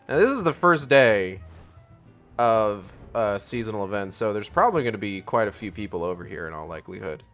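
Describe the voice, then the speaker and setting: A man's voice: on the low side, expressive, fairly quick, a bit bright, soft background music. A man streaming a video game, talking casually in a rambling way with lots of fillers and some swearing. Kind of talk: casual let's-play commentary.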